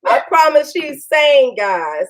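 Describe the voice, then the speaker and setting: Excitable high-voiced woman cooking at home. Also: takes it slowly, poor audio. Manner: chatty, excitable, laughs often, talks to viewers as "y'all". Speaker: cooking channel host. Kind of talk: casual live-stream cooking demo. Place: home kitchen.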